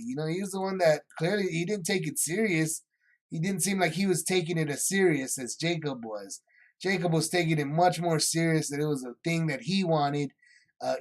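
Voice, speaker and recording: A man teaching a casual Bible study, rambling, restarting his sentences and acting out the scenes. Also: on the high side.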